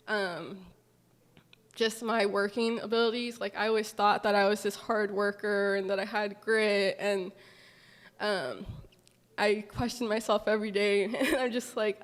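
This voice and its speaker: A young woman from Southern California, a farm manager, speaking at a public gathering in a halting, tearful, apologetic way. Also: mid-range voice. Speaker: farm manager sharing a personal story. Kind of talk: emotional public testimony. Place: large hall at a community gathering. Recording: long hall reverb.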